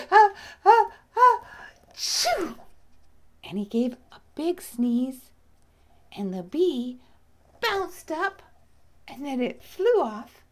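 Slow, gentle woman reading a bedtime story. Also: high voice, vocal fry. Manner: gentle, expressive, often drops to a whisper.

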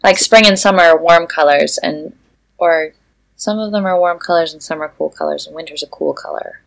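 A woman's voice: sits low, normal speed, vocal fry. Giggly woman reading fan fiction aloud. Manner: giggly, laughs often while reading. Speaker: podcast co-host.

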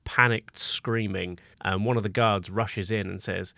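Bright-voiced game master. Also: male voice, lowish voice, fairly even intonation, unhurried, gravelly, few pauses, no room sound, clean studio sound. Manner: laughs often, casual swearing. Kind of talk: narrating a tabletop game.

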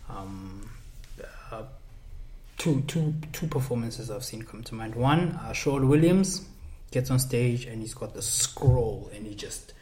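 A man poet on a panel, telling stories in an animated, expressive way. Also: mid-range voice, slow, roomy sound, a little hiss or hum. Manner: animated storyteller, expressive, laughs easily. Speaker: spoken word poet on a panel. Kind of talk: panel discussion.

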